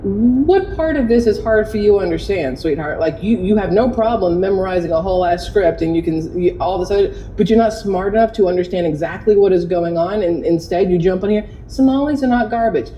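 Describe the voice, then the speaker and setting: A woman's voice: on the low side, a little fast, few pauses, dark tone, dull audio, a little hiss or hum. A woman hosting an opinion commentary vlog, talking in a chatty, sarcastic and indignant way. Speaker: commentary host.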